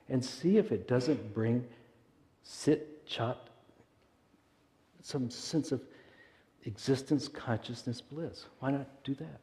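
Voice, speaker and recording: Soft-spoken male minister, mellow voice in a reverberant hall. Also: medium pitch. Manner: gentle, unhurried, soft-spoken with pauses. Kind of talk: sermon and guided meditation. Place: church sanctuary. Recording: long reverberant hall sound.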